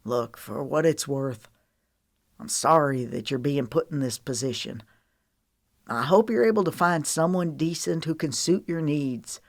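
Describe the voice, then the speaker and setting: A woman voicing a stubborn, gruff young male cowboy in an audiobook, speaking curtly and bluntly. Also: low voice, measured pace, dry recording, clean studio sound. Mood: resigned. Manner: curt and blunt. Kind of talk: audiobook character reading.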